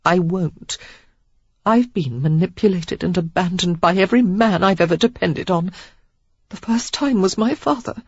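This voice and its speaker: A woman's voice: fairly low pitch, moderate pace, slightly rough, no echo, voice pushed up. A narrator voicing a scheming, desperate aristocratic lady in an audiobook who speaks breathlessly and pleads. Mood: pleading. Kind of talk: audiobook character voice. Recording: dull lo-fi dry recording.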